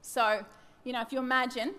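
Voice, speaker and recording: A woman in her thirties gives a devotional teaching talk with a fairly high voice. She speaks candidly and pokes fun at herself. She acts out her own wandering thoughts. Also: flat delivery, a little fast, pushed and bright. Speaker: church teacher.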